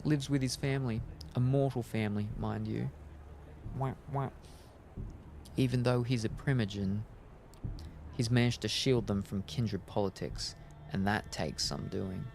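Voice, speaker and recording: A man voicing a gruff, streetwise male vampire mentor in a video game, talking in a world-weary, clipped way. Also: on the low side, fairly even intonation, unhurried, pauses often, darkish tone, slight background noise. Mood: gruff, knowing. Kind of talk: game dialogue read aloud.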